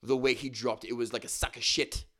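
A man's voice: mid-range voice, little pitch movement, fairly quick, bright, forceful tone. A man reading out the boasts of a cocky male fighter, doing the lines in his own voice without an accent. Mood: boastful.

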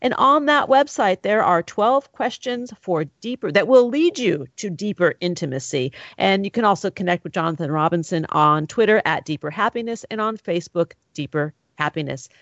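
A woman's voice: mid-range voice, expressive, moderate pace, hardly any pauses, a bit bright, no echo. A woman hosting a talk show, chatting with enthusiasm. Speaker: host. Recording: dry, dull lo-fi sound.

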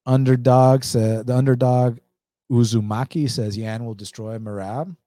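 A man's voice: mid-range voice, fairly even intonation, measured pace, warm tone, no room sound. A man with an Atlanta accent hosting a casual stream, reading viewer comments aloud and reacting with laughs and swearing. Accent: Atlanta, Southern US. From United States. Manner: laid-back, swears, laughs often, reads comments aloud. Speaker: livestream host reading chat. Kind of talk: casual chat.

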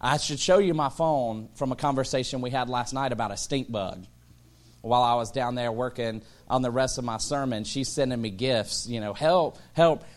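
A man in his thirties, a pastor, preaching a sermon full of humorous personal stories, acting out voices and rising to excited shouts. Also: medium pitch, moderate pace. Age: 30s.

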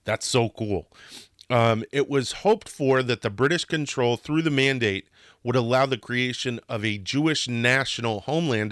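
In a studio-quality, dry recording, a male history podcast host talks in a mid-range voice with a fairly bright tone. His telling is casual and passionate, now and then getting worked up, with restarts and a swear here and there.

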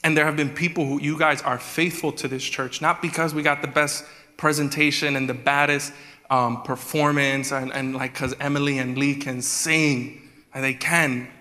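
A man's voice: medium pitch, level tone, normal speed, pushed and bright. A man preaching a sermon as executive pastor, acting out prayers in a raised voice. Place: church sanctuary. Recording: reverberant church hall with music.

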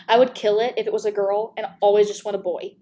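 A woman chats casually in a mid-range voice that is neither high nor low. She is enthusiastic and breaks into laughter often. Faint noise sits behind her. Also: fairly even intonation, fairly quick, dark tone. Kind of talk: casual chat.

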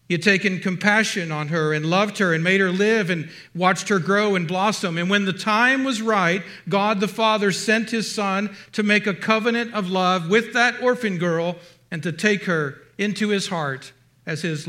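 Male pastor, slow, dramatic delivery with hushed drops; bright, fairly high voice. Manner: slow and dramatic, dropping to soft hushed tones. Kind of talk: sermon.

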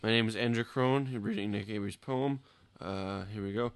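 A man's voice: on the low side, fairly quick, smooth, no echo. Tipsy man teasing a friend. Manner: teasing, laughing. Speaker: podcast co-host. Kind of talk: casual banter.

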